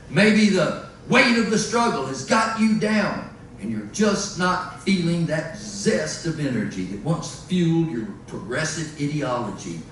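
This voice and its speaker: Mock infomercial announcer, a man doing the bit, high and lively, rousing pitch, recorded in an echoey noisy room. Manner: rousing sales-pitch delivery. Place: live music venue. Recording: echoey live room, distant mic, noisy.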